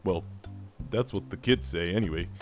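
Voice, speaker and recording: A man voicing a male camp master in an improvised game role-play, speaking in a very slow, drawn-out and monotonous way. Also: low-pitched, soft background music, lightly acted. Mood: worried.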